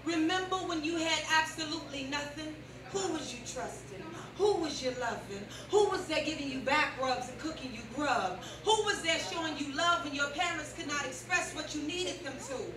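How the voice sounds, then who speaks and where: A woman performing stand-up and a spoken-word poem on a club stage, sassy and playful, leading the crowd. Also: sits high. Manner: sassy, playful, leads the crowd in call-and-response. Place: comedy club stage before a live audience. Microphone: handheld stage mic heard from a distance. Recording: echoey club, distant mic, loud crowd.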